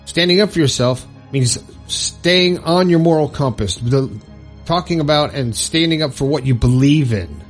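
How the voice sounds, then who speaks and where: A man's voice: a little high, lively intonation, normal speed, soft background music. A man giving earnest motivational advice, coaching listeners step by step and checking in with them often. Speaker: self-help video host.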